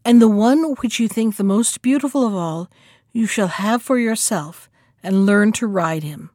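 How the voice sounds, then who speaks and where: A woman voicing a rough old peasant man who answers calmly and firmly, close to her own voice. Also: mid-range voice, measured pace, dry recording.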